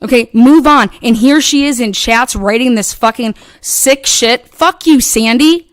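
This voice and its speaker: A woman's voice: a little high, a little slow, no echo. Furious foul-mouthed woman ranting. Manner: profane, combative, heated. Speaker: channel host. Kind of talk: angry livestream rant.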